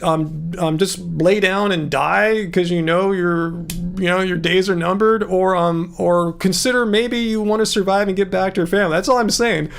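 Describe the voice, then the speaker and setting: A man's voice: high-pitched, fairly even intonation, normal speed, gravelly, few pauses. A man hosting a live stream, answering viewers in a rambling, indignant way. He is starting to lose his voice. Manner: rambling, indignant, talks straight to chat.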